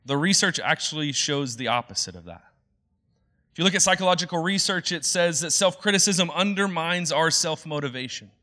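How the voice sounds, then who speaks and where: Pastor guy giving a sermon, kinda high bright voice, chatty and earnest. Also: expressive, brisk. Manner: earnest, conversational, acts out quoted voices.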